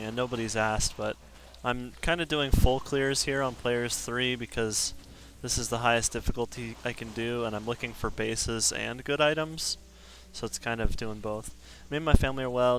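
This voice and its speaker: A man's voice: medium pitch, fairly bright tone, a little hiss or hum. A man streaming a game live, chatting casually and self-deprecatingly with his viewers. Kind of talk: casual live-stream chat while gaming.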